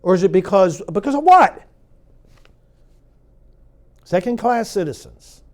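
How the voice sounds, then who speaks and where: A middle-aged man, a priest hosting his own show, speaks straight to the viewer with a sarcastic, preachy edge that climbs into fervent emphasis. His pitch sits fairly high and swings widely, and his tone stays mellow rather than bright. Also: big pitch swings, measured pace. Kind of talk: direct-to-camera commentary.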